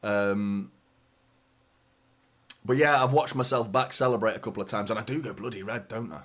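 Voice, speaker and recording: A man, hoarse from a sore throat, hosting a fan watchalong with live match commentary and chatty, sweary, teasing banter. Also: on the low side, normal speed, pauses often, a bit bright.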